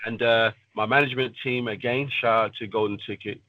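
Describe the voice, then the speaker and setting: A man talking about himself in a casual interview, blunt and quick to swear. His voice sits in an ordinary middle pitch. The sound is muffled and lo-fi, like a radio broadcast. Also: fairly even intonation, dry recording. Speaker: pro fighter guest.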